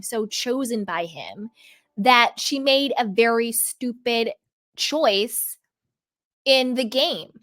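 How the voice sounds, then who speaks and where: A woman host giving sassy, casual commentary on a reality show, often acting out what people say. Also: fairly high pitch. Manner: sassy, animated, mimics people in quotes.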